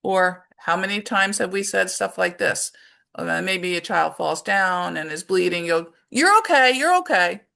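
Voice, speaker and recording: Middle-aged woman, low gravelly voice, workshop presenter, loose and conversational. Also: level tone, measured pace, pushed and bright. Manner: conversational, with many fillers and acted-out examples. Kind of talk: informal presentation talk.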